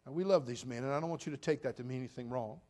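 A pastor in his sixties preaching a sermon, swinging between loud bursts and quiet, low asides. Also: rapid-fire. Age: 60s.

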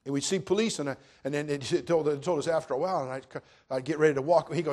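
A middle-aged man pastor preaching a sermon, telling a personal story and swinging from calm to loud, emphatic preaching. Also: on the high side, fast.

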